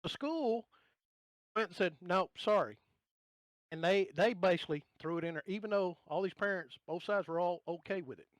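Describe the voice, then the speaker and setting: Southern guy w a drawl, high voice, ranting n cracking jokes, real dry sound. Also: moderate pace, no room sound. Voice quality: drawling, gravelly-toned. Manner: ranting, animated, blunt and joking. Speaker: podcast guest. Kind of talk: casual chat.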